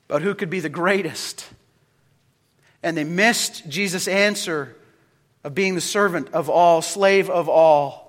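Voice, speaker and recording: A man preaching a sermon as pastor, swinging between loud calls and hushed, low lines. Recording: reverberant hall.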